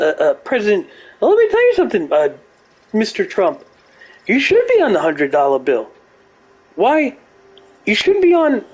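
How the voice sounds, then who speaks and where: A man doing a comedic impression of an older male pundit who lectures in a strained, halting way with drawn-out "well"s. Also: very high voice, a little mellow, voice pushed up, heavily acted.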